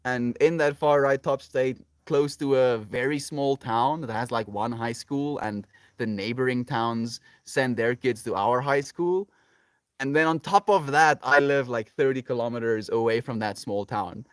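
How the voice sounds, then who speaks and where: A South African man livestreaming from his farm garden, reading out viewer comments in relaxed, rambling casual chat. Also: medium pitch, a little slow, smooth, dry recording, clean studio sound. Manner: relaxed, chatty, many fillers like "like" and "you know". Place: home on a farm, outdoors in a garden.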